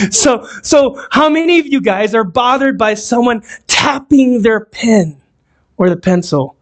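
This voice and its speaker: Man, preacher, sermon, high voice, unhurried, asks the congregation questions. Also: expressive. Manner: conversational, asks the audience questions. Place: church hall, also streamed on a video call.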